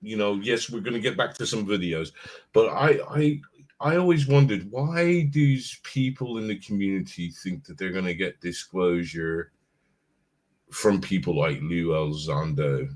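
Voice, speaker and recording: A man's voice: sits low, normal speed. A man hosting a casual live stream, talking animatedly and repeating himself as he gathers his thoughts. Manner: animated, repeats words, laughs easily. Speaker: host.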